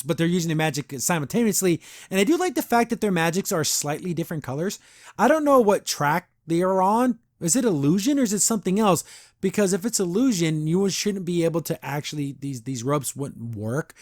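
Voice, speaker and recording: Animated man rambling through a cartoon review. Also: a little high, dry recording, studio quality. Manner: rambling, animated, with frequent restarts and acted-out quotes. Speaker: podcast host reviewing a cartoon episode. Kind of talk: casual episode review.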